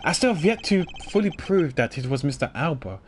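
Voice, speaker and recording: A man reading the lines of a stern male prosecutor questioning a suspect in a video game, formal and measured. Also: on the high side, very animated, a little hiss or hum, voice pushed up.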